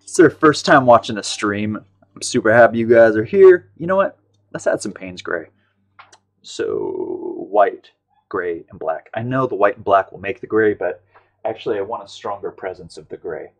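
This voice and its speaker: Low-voiced american guy rambling through his live paint stream, casual, keeps trailing off. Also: expressive, moderate pace, creaky. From United States. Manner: rambling, chatty, often trails off and restarts. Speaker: livestream art host.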